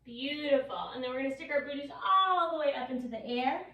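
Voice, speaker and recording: A bright, high-pitched woman with a New York accent leads a kids' yoga class with playful, encouraging cues. She sounds a little far from the mic, and her voice echoes around the room. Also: brisk. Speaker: yoga teacher. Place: yoga studio.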